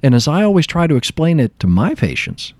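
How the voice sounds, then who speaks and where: Male therapist, lively storyteller, expressive pitch, dry booth-like sound. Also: a little fast, dry recording. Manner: animated storytelling, acts out dialogue. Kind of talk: explanatory talk with personal anecdote.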